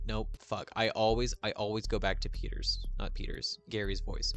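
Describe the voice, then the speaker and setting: A man's voice: on the low side, little pitch movement, moderate pace, few pauses, soft background music. A man streaming a game, talking casually in a flustered, self-mocking way and swearing at his own slips. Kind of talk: casual livestream commentary while reading a game aloud.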